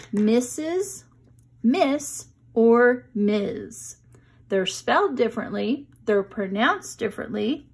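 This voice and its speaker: A woman teaching a children's reading lesson, talking slowly and patiently to young kids as she reviews words and walks through a picture book. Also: a little high, darkish tone, slightly rough. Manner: slow, patient, friendly teacher talk to children.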